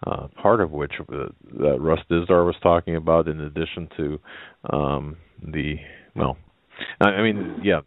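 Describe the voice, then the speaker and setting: A man's voice: a bass voice, unhurried, no echo. A man hosting a talk radio show, speaking hesitantly and thoughtfully with many restarts. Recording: dry, narrow phone-like sound.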